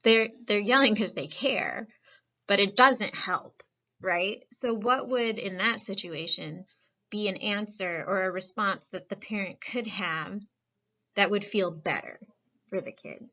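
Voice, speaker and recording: A woman giving a calm, coaxing life skills lesson. She asks the listener many reflective questions and often says "um". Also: medium pitch, unhurried, highs cut off. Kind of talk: gentle reflective lesson talk.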